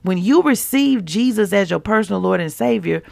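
A woman teaching scripture on a devotional podcast, talking casually and directly to listeners and slowly repeating verses for emphasis. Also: mid-range voice, expressive, vocal fry, a little mellow, dry recording, clean studio sound. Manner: conversational, preachy, keeps it real with listeners. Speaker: podcast preacher.

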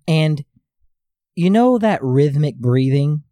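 Young guy, warm mellow voice, slow careful storytelling, dry close sound. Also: fairly high pitch, expressive, dry recording. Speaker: podcast co-host. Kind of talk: casual chat, reminiscing.

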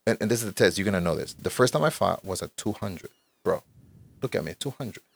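A man in his forties, a guest in casual conversation, telling stories in an animated, profane way and saying "bro" constantly. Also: low voice, fast talker, creaky, husky. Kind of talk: casual storytelling.

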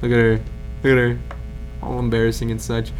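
A man's voice: mid-range voice, monotone, fairly quick, music in the background. A teenage boy hosting a casual podcast with friends, joking, laughing often and cutting in on the others, talking into a shared handheld mic. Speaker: podcast host.

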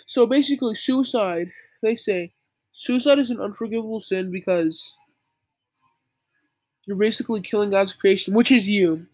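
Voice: mid-range voice, moderate pace, pauses often, darkish tone, no echo. A young speaker in a casual, earnest monologue, lecturing the listener with many "like" fillers. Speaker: young believer giving religious advice. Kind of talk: casual preachy monologue to camera.

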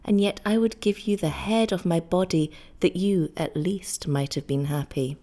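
A woman reading the part of a grieving young island husband, low and sorrowful. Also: moderate pace, mellow, natural voice. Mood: despairing.

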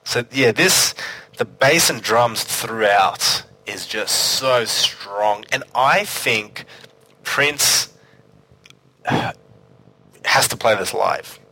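Enthusiastic husky-voiced man. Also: medium pitch, drawn-out words, bright, forceful tone, poor audio. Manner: enthusiastic, hesitant restarts. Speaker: podcast host. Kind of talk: casual music review chat.

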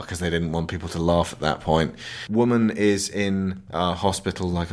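A man's voice: sits low, normal speed, a little hiss or hum. A man hosting a film podcast, retelling a movie's plot in a rambling, jokey way. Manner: rambling, jokey retelling with silly put-on quotes. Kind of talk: casual film review chat.

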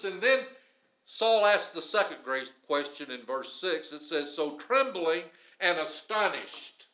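A man preaching a sermon as pastor, stressing some phrases loudly and dropping others low and quiet. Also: animated, slow pace, echoey room, poor audio. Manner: emphatic, swings between loud stresses and low quiet phrases.

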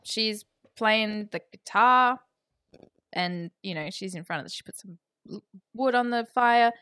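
A woman's voice: medium pitch, unhurried, sharp tone, clear, resonant tone, no room sound. A woman co-hosting a podcast, recapping a horror film in chatty, wry casual talk. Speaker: podcast co-host.

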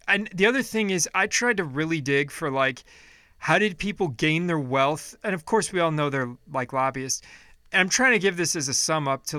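A man's voice: fairly high pitch, pushed and bright, dry recording, clean studio sound. A man giving a casual, blunt commentary, reading down a list and swearing freely in his asides. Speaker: political commentator.

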